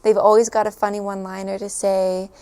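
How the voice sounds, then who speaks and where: Her mid-range voice stays fairly flat in pitch, a little quick, with a dark yet clear and resonant tone. She's casually telling the camera about her time abroad, giggling a lot and leaning on fillers.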